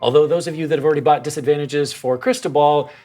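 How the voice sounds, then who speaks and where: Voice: medium pitch, steady tone, fast, dark tone. A host giving casual show announcements in a jokey way, drifting off script as they explain how viewers can interact.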